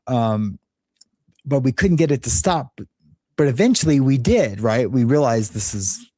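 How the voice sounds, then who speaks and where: This LA show host has an expressive, medium-pitched voice with a darkish tone and moderate pace, captured clean in the studio without echo. In a loose monologue, he tells a candid, meandering story and laughs at his own humor.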